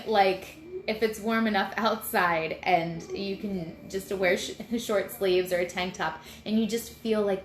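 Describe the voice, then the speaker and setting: Chatty woman in an echoey home room. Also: fairly low pitch. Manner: chatty and rambling, self-deprecating. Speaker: host sharing mindfulness tips. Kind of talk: casual live video talk. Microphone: computer mic. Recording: roomy echo, faint room noise.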